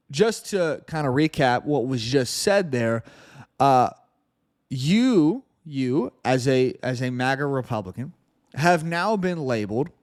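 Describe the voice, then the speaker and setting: A man hosting a political podcast, reading news excerpts quickly and answering them with sarcastic commentary. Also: medium pitch. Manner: sarcastic, reads news quotes aloud fast. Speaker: podcast host.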